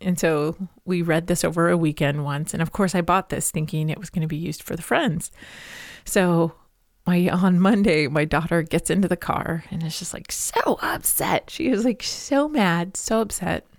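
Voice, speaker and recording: A woman's voice: on the low side, normal speed, no echo, studio quality. A woman hosting a spiritual podcast, talking through a story in an earnest, heartfelt way. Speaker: podcast host.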